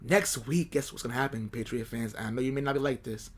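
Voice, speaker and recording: A man's voice: mid-range voice, fairly even intonation, a little fast, husky. A man co-hosting a casual sports podcast, talking animatedly and with frustration, repeating himself as he complains about his team. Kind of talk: casual fan chat.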